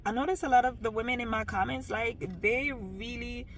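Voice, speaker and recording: A woman's voice: fairly high pitch, normal speed, a little hiss or hum. A woman with a light Jamaican accent, talking frankly and emphatically in a personal vlog, with many "you know" fillers. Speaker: vlogger.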